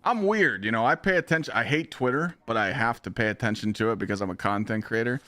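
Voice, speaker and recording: A man's voice: lowish voice, fast talker, bright, forceful tone, dry recording. A man streaming live, ranting bluntly and heatedly with lots of swearing.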